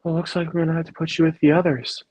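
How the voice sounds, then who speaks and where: A man impersonating a menacing masked male kidnapper, speaking quietly with a creeping, whispery threat. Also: a little high, level tone, rapid-fire, no echo, pitched above the performer's own voice, close to an everyday voice. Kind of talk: film quote impression.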